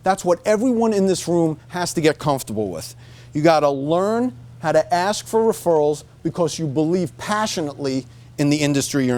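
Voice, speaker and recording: Middle-aged man, bright high voice, motivational staff talk, emphatic and repetitive. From United States. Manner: emphatic, repeats "okay?" to drive points home. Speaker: marketing director giving a staff talk. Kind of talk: motivational speech. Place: room with a staff audience.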